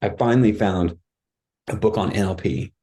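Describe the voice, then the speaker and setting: Man, very low voice, warm and mellow, candid rambling storyteller, podcast guest. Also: moderate pace. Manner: candid, rambling, many fillers and restarts. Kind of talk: casual storytelling.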